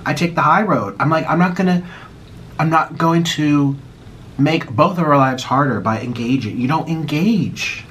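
A man's voice: fairly high pitch, moderate pace, fairly bright tone, slight background noise. An American man chatting casually while eating on camera, swinging into dramatic mock outrage and a little out of breath. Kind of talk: casual mukbang vlog chat.

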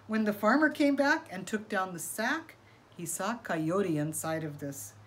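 A woman telling a folk tale from a picture book in an expressive way, stopping to ask her listeners questions. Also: medium pitch, a little slow. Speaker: storyteller. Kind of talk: reading a picture book aloud.

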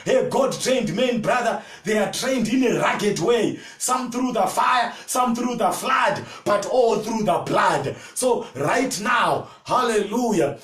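Male pastor, middle-aged, high-pitched and fervent, shouting sermon, distant roomy sound. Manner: fervent preaching with call-and-response, often shouting. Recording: echoey room, from far off.

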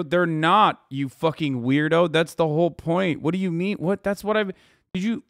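A man in his thirties talking fast and swearing freely as he reacts to a video live. His voice sits a little high, and it is recorded dry and close with no room sound. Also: no echo. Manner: profane, incredulous, rapid-fire ranting. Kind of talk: live stream commentary.

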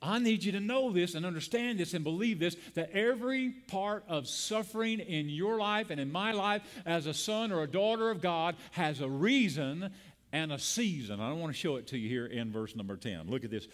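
A man preaching a sermon from a church pulpit, his voice sitting a touch high for a man. He leads the congregation in call-and-response and climbs into emphatic, quickening peaks before dropping low and soft for tender moments. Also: lively intonation. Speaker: pastor. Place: church sanctuary.

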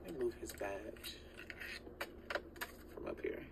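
A woman's voice: a bass voice, huge pitch swings, slow, creaky, slight background noise, rough recording. A woman chatting casually inside a car at night, teasing her partner and talking to viewers. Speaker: girlfriend in a filmed car clip. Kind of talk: casual chat while driving. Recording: car clip with loud background ambience.

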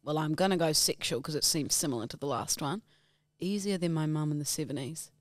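A woman's voice: low voice, brisk, no echo, studio quality. A woman co-hosting a podcast, playfully acting out silly scenes in casual chat. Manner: playful, puts on silly voices for people in her stories. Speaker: podcast co-host.

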